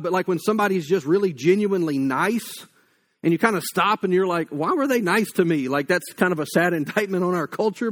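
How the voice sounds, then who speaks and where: A man, giving a casual, story-filled sermon full of fillers. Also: sits high. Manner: casual and anecdotal, many fillers like "like" and "you know". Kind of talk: conversational sermon.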